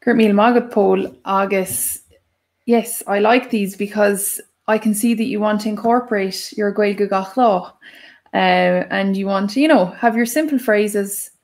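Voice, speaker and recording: An Irish woman co-hosts a live language lesson with a gravelly, creaky edge to her voice. She explains in a chatty way and stresses her example phrases. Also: mid-range voice, unhurried, darkish tone. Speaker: Irish language teacher, co-host.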